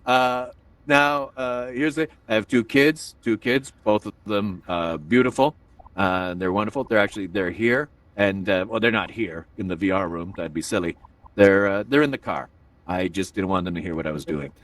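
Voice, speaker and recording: A man's voice: lowish voice, normal speed, fairly bright tone, no room sound, recorded from a distance. Rambling self-deprecating comedy host, man. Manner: rambling, self-deprecating, full of filler asides. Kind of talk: stand-up comedy. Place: virtual reality room.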